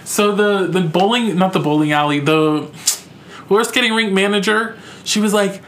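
High-voiced, profane podcast host in a roomy echo. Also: male voice, normal speed. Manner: profane, animated and exasperated. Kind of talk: casual storytelling. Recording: echoey room.

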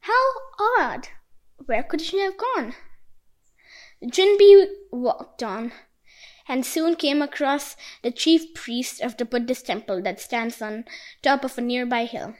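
High-voiced woman telling a folk tale. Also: slow, poor audio. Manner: expressive, animated reading. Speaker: storyteller. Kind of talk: storybook narration.

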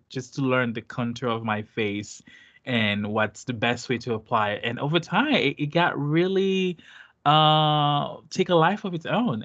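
A man's voice: mid-range voice, a bit bright, lo-fi sound. A man from Haiti with a light Haitian Creole accent, a guest talking casually and hesitantly with many fillers and restarts. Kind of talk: casual interview chat.

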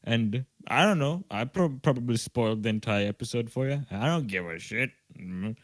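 At normal speed, a young man with an expressive, medium-pitched voice co-hosts a podcast from a room at home via video call, with no room sound. He keeps things loose and joking, rambling and swearing casually.

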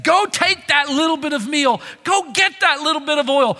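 A pastor delivers a sermon in a high, bright voice that echoes through a large church sanctuary. He swings from forceful emphasis down to near-whispered lines. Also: lively intonation, normal speed, hardly any pauses. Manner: dramatic swings from loud emphasis to hushed low tones.

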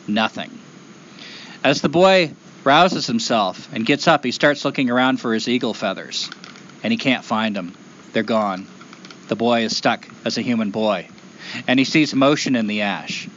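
Expressive male folktale storyteller. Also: medium pitch, muffled recording, a little hiss or hum. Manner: rhythmic, expressive, repeating phrases.

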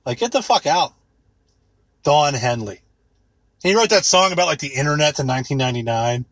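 A man in his thirties rants with sarcasm, swears freely and wanders from point to point. His voice is husky and slightly high, and it swings widely as he mocks. The recording is close and dry. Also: lively intonation, a little fast, a bit bright, no room sound. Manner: rambling, sarcastic, swears a lot, mocks with put-on quotes. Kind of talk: profane comedic rant.

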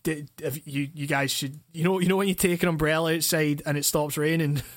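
A man's voice: a little high, steady tone, fairly quick. A man hosting a casual podcast chat, swearing and restarting his sentences. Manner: swearing, stammering restarts, laughing often. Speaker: podcast host.

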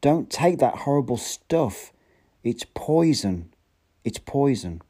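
A man's voice: medium pitch, very animated, takes it slowly, husky, voice pushed up, full character voice. A man doing an impassioned young outsider. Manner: loud, ringing, impassioned.

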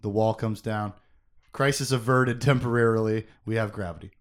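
A man co-hosting a casual book chat, recapping scenes in an animated, joking way. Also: on the low side, normal speed. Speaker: podcast co-host.

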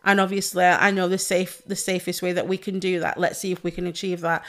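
A woman's voice: on the low side, flat delivery, brisk, slight background noise. A woman, a pole dance instructor, talking on a podcast in a heartfelt, effusive way and swearing freely. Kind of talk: casual podcast chat.

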